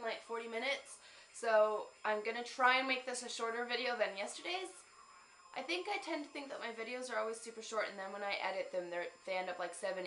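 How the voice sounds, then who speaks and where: Bright-voiced young woman, chatty and rambling. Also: a little high, roomy sound, slight background noise, poor audio. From Canada. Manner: chatty and rambling, with frequent ums and laughs. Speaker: vlogger. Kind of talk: casual vlog chat.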